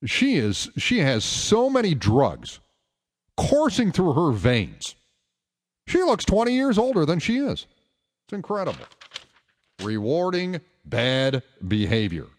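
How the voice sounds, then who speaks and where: A man's voice: on the high side, huge pitch swings, takes it slowly, long reverb tail. A male radio talk show host giving opinionated, emphatic commentary and taking calls. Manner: opinionated, emphatic, rhetorical questions. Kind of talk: talk radio monologue and call-in.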